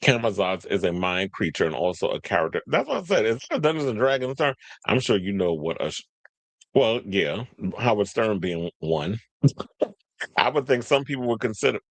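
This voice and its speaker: A man's voice: lowish voice, very animated, moderate pace, dry recording. A man hosting a casual pop-culture show, chatty and rambling, often losing track of names. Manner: chatty, tangential, forgets names. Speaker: podcast host.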